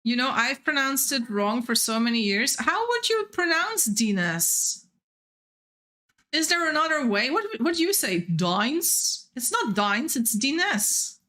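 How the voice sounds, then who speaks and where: A woman's voice: sits high, big pitch swings, a little slow, bright, forceful tone. A young woman streaming a game, rambling in casual chat and laughing often. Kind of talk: casual chat while gaming.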